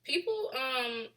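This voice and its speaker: This young woman, a vlogger from Chicago, USA, has a Chicago accent and a high-leaning voice with a bright, forceful tone. She reads questions from her live chat aloud and laughs as she chats casually.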